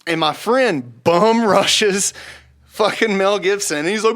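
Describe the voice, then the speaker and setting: A young man telling a rowdy story on a podcast, swearing freely and loudly acting out the people he quotes. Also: sits high, takes it slowly. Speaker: podcast guest. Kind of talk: casual storytelling.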